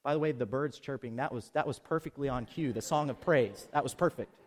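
A man preaching a sermon, swinging from loud emphatic peaks to soft low asides and leading the congregation in call-and-response. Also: fairly quick. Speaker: pastor. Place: outdoors.

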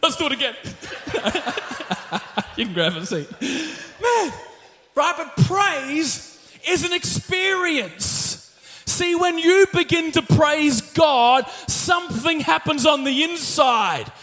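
A man preaching an energetic sermon in a church, rallying the congregation and often calling out to them. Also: very high voice, slow. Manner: energetic, exclaiming, leading the congregation. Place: church sanctuary. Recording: long hall reverb with faint music.

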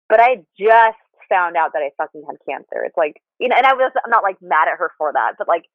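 A woman's voice: on the low side, dry recording. A woman guest telling her story candidly, rambling with frequent restarts. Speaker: podcast guest. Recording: tinny phone line, dry.

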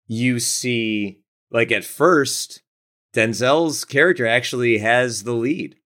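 A man's voice: mid-range voice, takes it slowly, fairly bright tone. A man co-hosting a podcast, talking casually about a movie and often restarting his sentences. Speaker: podcast co-host. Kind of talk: casual film discussion.

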